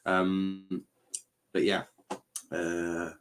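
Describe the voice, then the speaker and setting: Male football-show host, lowish voice, casual and rambling, heavy on fillers. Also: completely flat delivery, very slow. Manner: rambling, reads viewer comments aloud; hesitant, lots of fillers and restarts. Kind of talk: casual live-stream chat.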